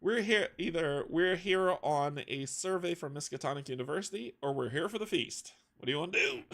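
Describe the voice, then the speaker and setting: Male GM, raspy-fry tone, casual read-aloud narration. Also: on the high side, animated, moderate pace, a bit bright. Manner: reads aloud with stumbles and laughing asides. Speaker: game master. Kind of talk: reading scripted narration for a tabletop game.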